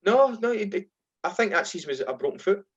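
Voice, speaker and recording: A man's voice: high voice, quick pace, breathy edge. Scottish guy, middle-aged, telling footy stories, does the voices, bit dull lo-fi sound. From Scotland. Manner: animated anecdotes, acts out voices in quotes. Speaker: former footballer, guest. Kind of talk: casual storytelling.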